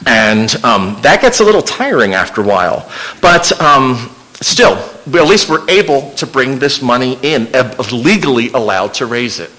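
A man's voice: medium pitch, lively intonation, normal speed, sharp tone, poor audio. A man giving an informal illustrated history lecture to an audience, conversational and with wry asides. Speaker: local historian giving a slide talk.

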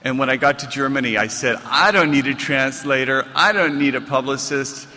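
Bright-voiced American man telling a story. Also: medium pitch, moderate pace, in a large hall. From United States. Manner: animated, self-mocking delivery. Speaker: author giving a reading. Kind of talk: comic storytelling to a live audience.

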